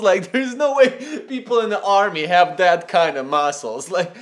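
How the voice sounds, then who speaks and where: A man's voice: on the high side, animated, a little fast, hardly any pauses, a bit bright. A man from Ukraine, chatting casually and animatedly, swearing and using lots of fillers. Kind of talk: casual podcast chat.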